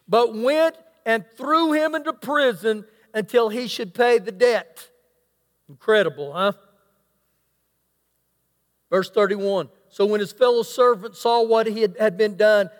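Preacher, male, unusually high pitch, emphatic sermon delivery in a reverberant church. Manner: preaching, reading scripture aloud with emphatic asides. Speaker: pastor. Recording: long hall reverb.

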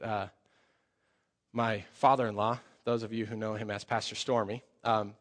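A young adult man preaching a sermon as pastor, telling stories with lively energy, fillers and repeated phrases. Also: mid-range voice, in a large hall.

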